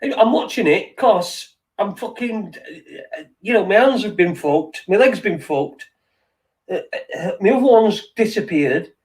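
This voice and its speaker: A man's voice: high-pitched, expressive, a little slow. A middle-aged man, rambling in sweary, wry late-night chat as a podcast host, heard from a little way off the mic. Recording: distant from the mic.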